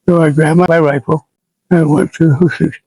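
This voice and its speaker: An American man in his seventies, an army veteran recalling his service in a plainspoken, halting and somber way for an interview. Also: on the high side, steady tone, mellow, dry recording, low-quality recording. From United States. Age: 70s. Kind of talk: oral history recollection.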